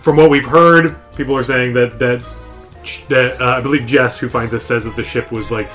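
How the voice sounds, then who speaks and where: Young male host, casual rambling recap, mid pitch. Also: steady tone, normal speed, a bit bright, soft background music. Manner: rambling, many restarts and fillers. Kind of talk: casual chat recapping a video game.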